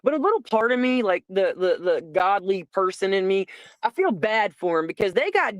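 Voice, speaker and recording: Woman, livestream chat, emphatic, blunt, swearing, mid pitch, dry. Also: very animated, normal speed, no room sound, lo-fi sound.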